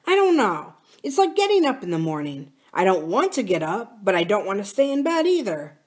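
Restless young farmer guy, musing and unsettled, read out by a woman, talks a bit higher than her narration. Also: very animated, a little fast.

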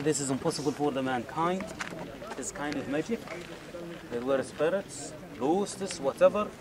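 A man guides a group around an outdoor site in a fairly high voice. He is animated and speaks straight to his listeners, and loud outdoor noise runs under his speech. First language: Arabic. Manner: animated, demonstrative, addresses listeners directly. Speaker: tour guide. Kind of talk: guided tour talk to a group. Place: outdoors at a rocky archaeological site.

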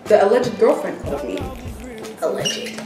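A young woman vlogger telling a story casually, animated and laughing, acting out the people she quotes. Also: mid-range voice, moderate pace, reverberant, music in the background. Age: young adult.

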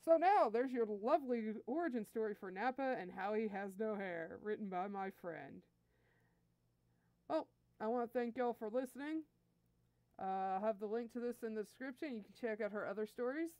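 A woman's voice: a little high, animated, normal speed, a little mellow, dry recording. A woman host reading fan fiction aloud in an easygoing, friendly storytelling manner. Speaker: story reader, channel host.

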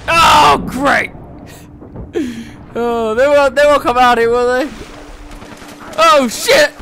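A young man giving profane let's-play commentary, swinging from low muttering to panicked yelling. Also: big pitch swings, drawn-out words, vocal fry, pauses often. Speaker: gaming YouTuber. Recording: game music underneath.

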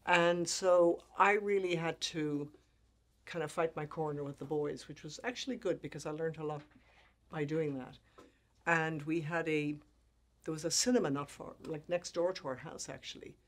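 A woman in her sixties, a make-up artist speaking as a guest, telling lively anecdotes and acting out the people she quotes. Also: low-pitched, normal speed. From Ireland. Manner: animated anecdotes, frequent laughter, acts out quoted people. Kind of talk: storytelling interview talk.

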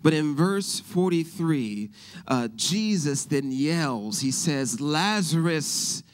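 A middle-aged man preaching a sermon as pastor. He keeps asking the congregation if they hear him and builds to loud shouts. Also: on the high side, expressive, slow. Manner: preaching with call-and-response questions, rising to shouts.

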